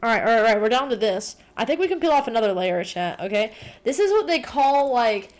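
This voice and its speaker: Female streamer, slightly high pitch; loose, profane, excitable chatter to chat. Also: a little fast. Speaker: livestreamer. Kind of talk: casual livestream chat.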